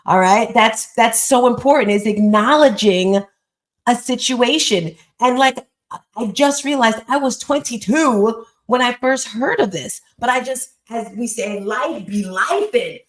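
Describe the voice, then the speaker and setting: A woman in her fifties hosts a motivational live chat, her slightly high voice full of lively intonation and unhurried. She speaks emphatically and tells stories directly to her listeners, though the audio is poor and the room echoey.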